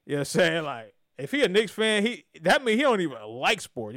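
A man co-hosting a casual sports podcast, animated and repeating himself as he trash-talks teams. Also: sits high, fairly quick, no room sound, clean studio sound. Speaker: podcast co-host.

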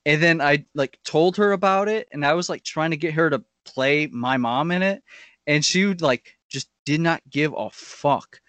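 A man's voice: fairly high pitch, moderate pace, fairly bright tone, no room sound. A man co-hosting a podcast in casual chat, laid-back and chatty. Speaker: podcast co-host.

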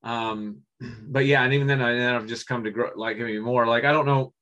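A man co-hosting a casual movie podcast, rambling with many restarts and frequent throat clearing. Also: medium pitch, fairly even intonation, fairly quick, a bit bright, highs cut off. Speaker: podcast co-host. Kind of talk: casual chat about movies.

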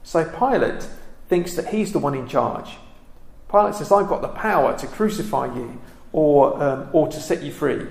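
Guy doing a bible study, lots of ums, kinda high voice, roomy echo. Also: creaky, a little mellow. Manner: reflective, halting with many ums and restarts. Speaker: Bible teacher.

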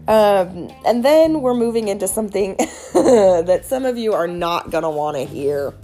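A woman giving casual wellness advice in an earnest, animated, chatty way, with many fillers. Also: lowish voice, normal speed, faint music behind. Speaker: wellness speaker.

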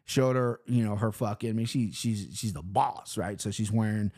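A man's voice: lowish voice, normal speed, darkish tone, slightly rough. A man from Cincinnati telling a loose, profane, rambling story, recapping his weekend in casual talk. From Cincinnati, Ohio, US. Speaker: vlogger.

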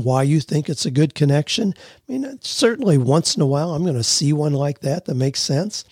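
A man hosts a solo advice podcast in a folksy, earnest voice that sits a bit high for a man. He lays out practical tips one step after another. The sound is dry and close, with no room echo. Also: animated, normal speed, a little mellow. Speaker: podcast host. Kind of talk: solo advice podcast, answering listener questions.

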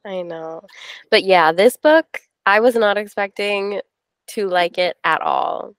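A woman's voice: mid-range voice, takes it slowly, clean tone, dry recording. A woman co-hosting a casual podcast chat, gushing about what she loved and leaning on "like" constantly. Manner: gushing, leans on "like". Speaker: podcast co-host.

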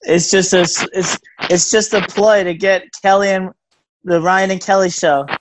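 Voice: medium pitch, steady tone, moderate pace, a little hiss or hum, rough recording. A co-host of a casual radio show, laughing along and agreeing in short replies.

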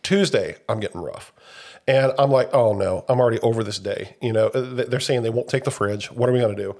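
Young male podcast co-host, slightly hoarse after illness, rambling and chatty. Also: medium pitch, brisk. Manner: rambling storyteller, animated when retelling events. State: recovering from covid, slightly hoarse. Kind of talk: casual chat.

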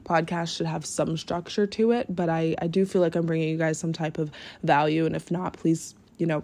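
A woman's voice: sits low, vocal fry, a little mellow. A young woman hosting her own podcast, chatting casually and earnestly, rambling with lots of "like" and "um". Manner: rambling, heavy use of "like", earnest and grateful. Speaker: podcast host. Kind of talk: casual solo podcast chat. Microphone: podcast mic, no camera.

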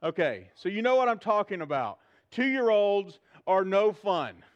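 A middle-aged man, preaching a sermon in a church to a live audience, animated and humorous, asking the crowd questions. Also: high voice, unhurried, muffled recording. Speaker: pastor.

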